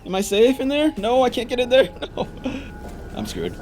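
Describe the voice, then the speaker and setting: A man's voice: extremely high pitch, huge pitch swings, moderate pace, a little mellow, slight background noise. A young man giving frantic, frustrated commentary while playing a game. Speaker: gaming YouTuber. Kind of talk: gameplay commentary.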